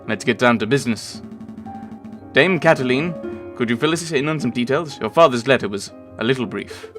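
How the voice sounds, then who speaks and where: A calm, proper lawyer, as a man reads him in a video game, measured and polite. He speaks in a fairly ordinary voice with plenty of movement in the pitch. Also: music in the background, close to an everyday voice. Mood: composed.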